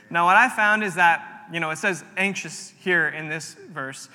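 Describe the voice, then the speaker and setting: A man's voice: on the high side, normal speed, few pauses, sharp tone. A young man preaching a sermon in a hall, talking earnestly and telling a personal story with repeated phrases. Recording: long reverb of a large room.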